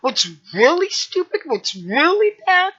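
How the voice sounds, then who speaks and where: A very high, bright-toned woman rants furiously at her viewers, swearing and sometimes shouting. Her voice swings widely in pitch while she speaks slowly and deliberately. The recording is dull and lo-fi. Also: sing-song. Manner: swearing, indignant, shouting at times. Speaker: vlogger. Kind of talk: angry rant to camera.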